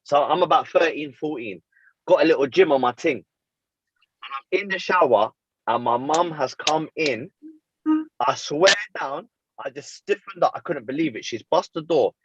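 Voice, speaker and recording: A man, co-hosting a casual chat and telling a story with lively, self-mocking slang. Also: fairly high pitch, normal speed, muffled recording, background noise. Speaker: podcast co-host.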